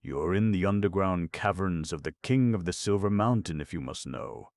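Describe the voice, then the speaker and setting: A man doing a brisk young goat girl. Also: sits low, dry recording, clean studio sound, pitched above the performer's own voice, lightly acted. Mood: excited. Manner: brisk, excitable and bossy. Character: brave young goat girl with seven hands.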